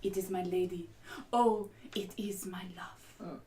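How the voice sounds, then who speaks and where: A woman's voice: lowish voice, fairly even intonation, slow pace, noisy background, voice pushed down. A woman playing young male lover Romeo in a put-on French accent, reciting verse theatrically. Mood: yearning. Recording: voice far from the mic.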